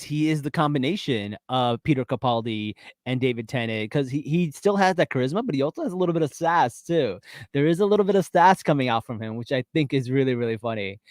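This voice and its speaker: Chatting about a TV episode on the podcast he co-hosts, a man is casual and animated, leaning heavily on fillers in this pop-culture talk. He has a mid-range voice, captured without echo in clean studio sound.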